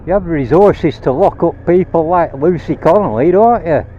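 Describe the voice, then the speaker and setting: A vlogger from Rhodesia (now Zimbabwe) with a fairly high, animated voice rants angrily and bluntly at normal speed while riding a motorbike outdoors, swearing as he goes. His helmet mic gives dull audio.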